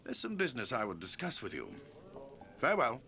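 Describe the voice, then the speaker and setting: An actor playing a formal, protective town leader in a game, speaking with commanding, measured words. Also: male voice, medium pitch, wildly swooping pitch, sharp tone, full character voice. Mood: stern. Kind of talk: game voice acting.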